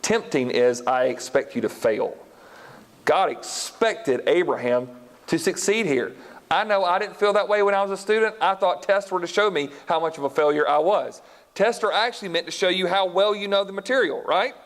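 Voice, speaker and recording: Animated male Bible teacher, high voice. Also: normal speed. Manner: animated, quizzes the audience. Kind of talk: live Bible lesson. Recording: long hall reverb.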